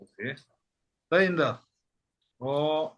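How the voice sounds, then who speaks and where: A male language teacher, moving at a very unhurried pace. His voice is bright and sits a little high for a man. He repeats short phrases and confirms with "that's it.". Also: muffled recording. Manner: repeats phrases slowly, says "that's it" often. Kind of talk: slow patient language lesson.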